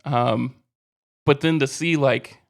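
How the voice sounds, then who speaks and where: A man's voice: medium pitch, fairly even intonation, takes it slowly, creaky. Easygoing man teasing his co-host. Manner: easygoing, teasing, laughs often. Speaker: podcast co-host. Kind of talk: casual podcast chat.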